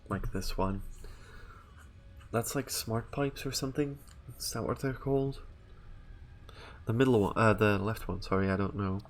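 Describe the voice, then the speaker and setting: A man's voice: lowish voice, a little slow, pauses often, a little hiss or hum. Rambling young man streaming a game. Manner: rambling, filler-heavy, thinking aloud. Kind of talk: casual live game-stream chat.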